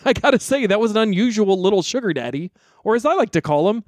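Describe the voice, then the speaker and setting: A man co-hosting a comedy podcast, telling a silly story in a wry, deadpan way. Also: sits high, fast talker, no echo, clean studio sound. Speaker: podcast co-host.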